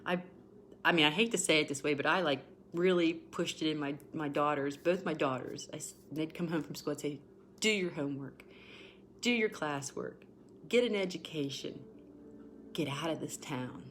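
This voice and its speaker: A low-pitched woman in her forties talks through a tarot reading on a livestream. She is emotional and repeats herself, and she breaks off to greet viewers by name. A faint hum of room ambience sits under her voice. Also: normal speed, fairly bright tone. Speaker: tarot reader.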